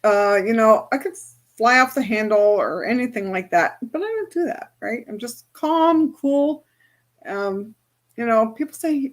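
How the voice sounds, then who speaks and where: Brief: woman coach, fairly high voice, casual chatty teaching to a group. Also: lively intonation, normal speed. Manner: chatty, often checks in with "right?". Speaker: spiritual and business coach.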